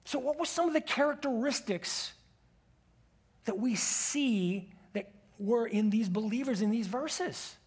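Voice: mid-range voice, expressive, measured pace, slightly rough. A preacher giving a sermon who walks listeners through an imagined story in the second person and presses them with direct questions. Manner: asks the congregation many direct questions.

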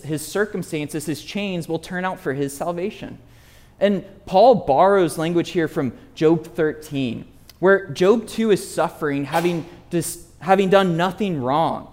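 Man, high voice, preacher, expository sermon, earnest, emphatic, asks the listeners questions. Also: a little mellow. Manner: emphatic, slows down on quoted verses.

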